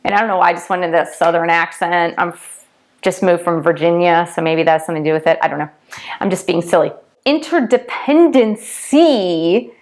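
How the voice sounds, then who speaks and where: A woman coach giving a casual teaching talk, emphatic, repeating key words and checking in with "okay?" and "right?". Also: on the low side. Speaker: twin flame coach and tarot reader.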